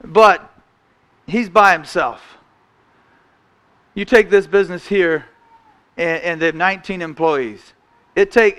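A man preaching a sermon in a church, folksy, restarting phrases and often clearing his throat. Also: high-pitched, a bit bright.

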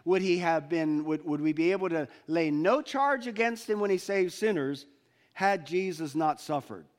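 A man's voice: on the high side, normal speed. A man preaching a sermon as pastor, earnest and searching, often restarting his sentences.

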